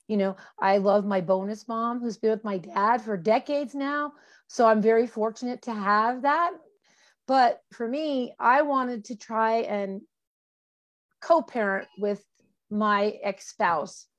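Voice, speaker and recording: Her voice is a little high and a little slow as this woman in her forties, from Colorado, USA, opens up about her life as an interview guest. The candid conversation is peppered with fillers and restarts.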